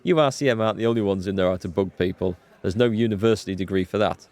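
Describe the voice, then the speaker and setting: A man's voice: lowish voice, quick pace, a little mellow, close to an everyday voice. A man voicing a cocky, tattooed male union second-in-command in a game, mocking and streetwise.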